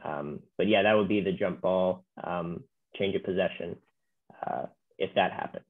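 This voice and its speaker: A man explains software steps in a laid-back way, pausing on fillers as he goes. His voice sits a little low. It comes through a thin, phone-like line. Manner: relaxed, many fillers. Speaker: software trainer. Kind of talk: webinar walkthrough.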